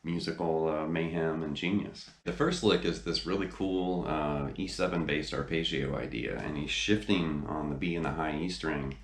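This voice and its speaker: A guitar teacher with an extremely low voice sits facing the camera indoors, casually hosting a lesson on his channel. He talks at normal speed with few pauses, rambling excitedly with many fillers like "you know" and "uh." The room gives a noticeable echo, with a little hiss or hum.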